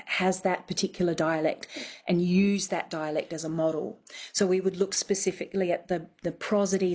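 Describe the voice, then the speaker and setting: A woman's voice: fairly low pitch, darkish tone. A woman dialect coach explaining methodically in a radio conversation.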